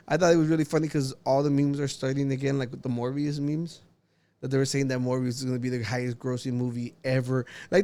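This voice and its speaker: A young man co-hosts a podcast in casual chat, rambling with lots of filler words and laughter. His voice is medium-pitched and a little mellow.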